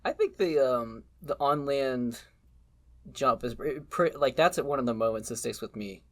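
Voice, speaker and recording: Podcast co-host, man, mid-pitched, halting and searching for words. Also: lively intonation, fairly bright tone. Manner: hesitant, lots of ums and restarts. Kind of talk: casual anime review chat.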